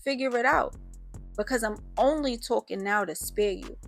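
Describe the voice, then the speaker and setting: A woman's voice: a little high, normal speed, gravelly, soft background music. A woman voicing a menacing teenage boy gang leader who threatens in profane street slang. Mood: threatening.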